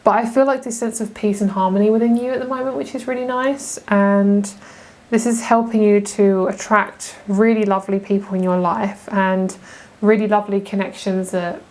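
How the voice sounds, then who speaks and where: A woman's voice: medium pitch, steady tone, normal speed, a little mellow. A young woman giving a casual tarot pick-a-card reading, chatty and gushing, often laughing. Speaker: tarot reader.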